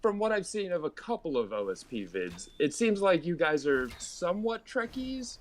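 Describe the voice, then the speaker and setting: A man's voice: a little high, very animated, moderate pace. A man guest on a charity stream, chatting casually with enthusiastic, emphatic fan talk. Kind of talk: casual chat.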